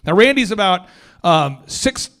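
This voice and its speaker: A man hosting a podcast, telling stories in a slangy, animated, energetic way. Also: high voice, measured pace. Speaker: podcast host. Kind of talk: casual podcast chat.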